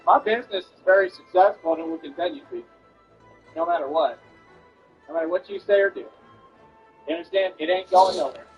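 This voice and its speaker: A man's voice: high-pitched, muffled recording. A man streaming while he delivers a confrontational, boastful rant at an online critic.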